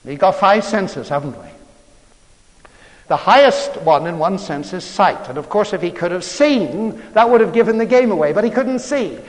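High-voiced man preaching in an echoing hall. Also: lively intonation, normal speed. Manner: chatty, rhetorical tag questions. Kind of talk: storytelling sermon. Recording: long hall reverb.

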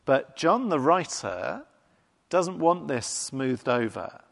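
Wry preacher in a reverberant hall. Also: male voice, fairly high pitch, very animated, slow pace, creaky. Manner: conversational, wry, emphatic preaching. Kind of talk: sermon.

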